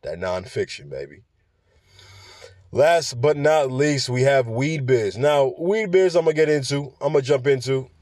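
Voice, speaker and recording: A man's voice: mid-range voice, darkish tone, no echo. Male podcast host, mid-range voice, loose and profane, rambling with frequent stutters, dry close recording. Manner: addresses listeners directly with questions. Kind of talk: casual cannabis business podcast.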